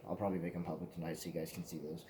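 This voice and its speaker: A man's voice: sits low, level tone, very fast, background noise. A man telling rambling, profane stories to the camera in a casual vlog, often laughing at himself. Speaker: vlogger.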